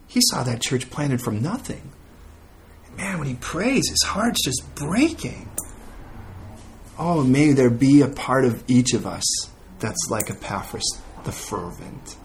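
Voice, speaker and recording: Male pastor, middle-aged, sermon, animated storytelling, lively pitch. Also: a little hiss or hum. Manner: animated storytelling, acts out quoted prayers.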